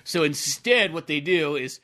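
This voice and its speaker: A man's voice: a little high, lively intonation, a little slow, bright, forceful tone. A man co-hosting a podcast, chatting casually in a rambling, jokey way, full of fillers and swearing. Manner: rambling, profane, jokey, lots of "like". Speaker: podcast co-host. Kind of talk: casual chat.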